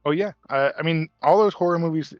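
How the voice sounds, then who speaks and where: A man chatting casually with friends over a voice call, hedging his points and quick to laugh. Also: a little high, no room sound, highs cut off, faint music behind. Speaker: player.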